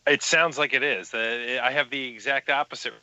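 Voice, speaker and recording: A man co-hosting a casual movie podcast, talking haltingly and repeating words. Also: mid-range voice, fairly even intonation, pushed and bright. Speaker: podcast co-host. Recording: slightly dull lo-fi audio.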